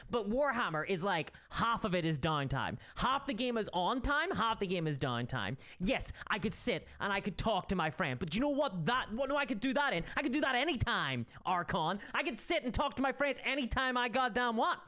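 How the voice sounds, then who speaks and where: A woman's voice: mid-range voice, sing-song, a little fast, hardly any pauses, fairly bright tone. A woman streamer in casual livestream commentary, reading chat and ranting with opinionated energy and frequent restarts.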